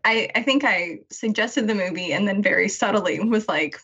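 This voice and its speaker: A young adult woman joins a podcast as a guest, chatting casually, giggling between phrases, her speech full of ums and likes. Her voice is mid-pitched and breathy, and the recording sounds a little muffled. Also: normal speed, fairly bright tone. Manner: giggly, chatty, filler-heavy. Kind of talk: casual chat.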